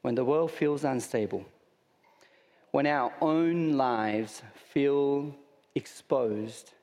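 A man's voice: mid-range voice, drawn-out words, darkish tone, in a large hall. A man with an Australian accent preaching a sermon in a conversational way, with rhetorical questions and humorous asides. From Sydney, Australia. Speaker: pastor.

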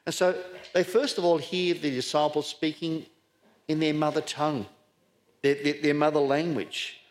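A man's voice: on the high side, flat delivery, moderate pace. A middle-aged man born in Scotland, preaching a sermon with rhetorical questions and repeated words for emphasis.

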